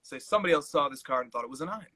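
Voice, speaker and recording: A man's voice: on the high side, expressive, rapid-fire, pushed and bright, breathy edge, no echo, poor audio. A man co-hosting a casual live-stream chat, thoughtful and easygoing. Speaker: co-host.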